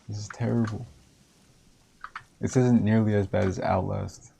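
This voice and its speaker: A man's voice: on the low side, steady tone, a little slow, gravelly, noisy background. A man giving casual live-stream commentary while playing a horror game, reacting aloud and a bit jumpy.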